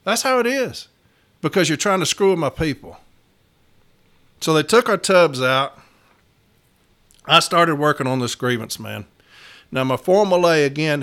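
A man's voice: a little high, a bit bright, clean tone. Blunt, fired-up man telling a work story. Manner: blunt, profane and emphatic; folksy, addresses listeners as y'all. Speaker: union shop steward. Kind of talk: casual storytelling to viewers.

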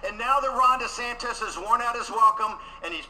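A man giving a combative political rally speech at a conference, repeating phrases for emphasis and rising to shouts. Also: extremely high pitch, a little fast, low-quality recording. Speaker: conference speaker.

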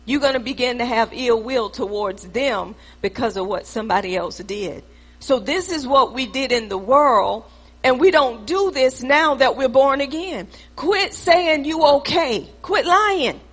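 A woman's voice: high-pitched, animated, a little slow, fairly bright tone, breathy edge. A middle-aged woman preaching a sermon from the pulpit, speaking emphatically and conversationally and calling out to the congregation.

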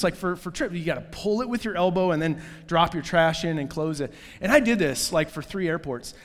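A pastor delivers a sermon in a relaxed, chatty way, full of fillers and asides, his voice a little higher than most men's. A long reverb hangs on his words, as though he's in a large hall.

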